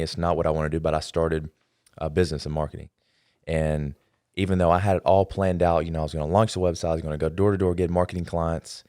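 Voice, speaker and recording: A man hosting a podcast interview, talking in a relaxed, measured way. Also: sits low, no echo, clean studio sound. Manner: relaxed, measured, many fillers. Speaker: podcast host. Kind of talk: casual interview chat.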